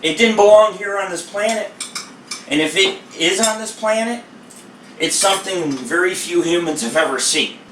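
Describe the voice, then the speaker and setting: His voice is high and a bit bright, at normal speed. This male cooking show host rambles through a story while he cooks, swearing freely, in an echoey room with faint noise and his voice a bit far from the mic.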